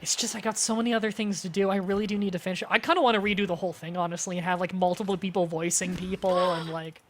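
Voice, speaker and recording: A young adult woman streaming a game, chatting casually with animated, profane asides. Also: on the low side, rapid-fire, slight background noise. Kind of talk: casual chat over gameplay.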